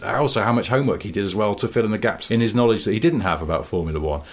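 A man hosting a casual chat, telling anecdotes in an animated way and laughing often. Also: fairly low pitch, rapid-fire. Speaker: podcast host.

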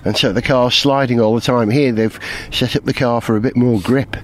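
A middle-aged man, speaking at a middle pitch into a handheld microphone out in the open air. He narrates a live outdoor broadcast in a chatty, enthusiastic and descriptive way. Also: fairly even intonation, brisk, a little hiss or hum, low-quality recording. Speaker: radio presenter at a rally. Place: outdoors on a clifftop by a rally stage.

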